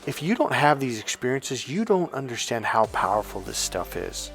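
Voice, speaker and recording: A man with a middle-pitched voice tells a personal story in a relaxed, rambling way. He swears casually and often stops to correct himself. A faint music bed sits quietly under his voice. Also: moderate pace, creaky. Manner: rambling, self-correcting, swears casually, acts out past dialogue. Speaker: dating and relationship coach.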